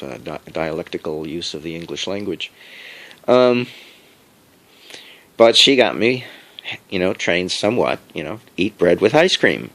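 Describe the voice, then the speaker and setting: Low gravelly man rambling on. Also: fairly bright tone. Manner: digressive, halting, with frequent repeats and chuckles. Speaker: home cook sharing health updates. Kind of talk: rambling personal monologue.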